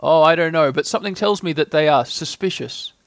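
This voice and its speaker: A gentle, simple-minded storybook bear, as a man puts him on, talking slowly and earnestly with a lightly gravelly edge and a slightly raised voice. Each thought is weighed with ponderous care. The sound is close and dry. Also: a little high, no echo, natural voice.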